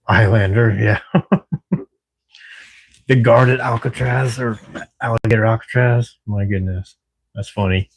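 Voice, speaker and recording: Middle-aged male streamer, low-ish voice, relaxed and chatty, quick to laugh, casual swearing. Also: vocal fry, slightly rough. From Washington State, US. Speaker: livestream host. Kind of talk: casual live-stream chat with viewers. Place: at work at night.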